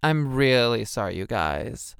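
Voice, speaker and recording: A man voicing a cheery, double-dealing young woman who talks brightly and pleads when caught, in a storybook reading. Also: medium pitch, big pitch swings, unhurried, vocal fry, smooth, no echo, studio quality, heavily acted. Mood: pleading.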